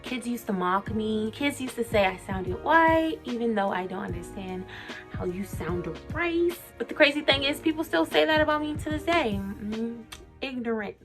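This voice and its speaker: A woman's voice: fairly high pitch, expressive, moderate pace, over music. A young adult woman vlogging, speaking articulately and candidly about personal struggles in an open, emotional way. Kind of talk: candid confessional vlog.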